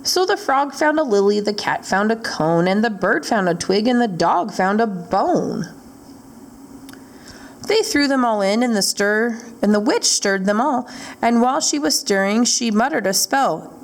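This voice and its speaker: A woman's voice: on the high side, lively intonation. A woman reading a rhyming picture book aloud at a library storytime. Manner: slow, rhythmic rhyming read-aloud.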